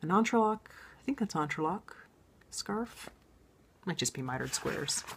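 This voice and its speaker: A woman with a low-pitched voice hosts a knitting show in a relaxed, chatty way. She sounds enthusiastic and talks as if thinking aloud, with frequent ums and restarts. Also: a little slow, creaky, slightly rough. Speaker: knitting podcast host. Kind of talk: casual show-and-tell chat.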